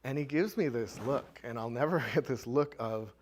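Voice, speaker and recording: A man's voice: medium pitch, normal speed, few pauses, darkish tone. A man presenting at a community show-and-tell, telling a candid personal story to a live audience in a conversational way with frequent filler words.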